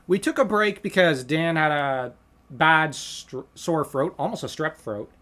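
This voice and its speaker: A man's voice: fairly high pitch, a little slow, bright, forceful tone. Earnest man breaking down a film scene. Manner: earnest, theorizing, talks through ideas at length. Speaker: podcast co-host. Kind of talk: casual fan analysis of a film scene.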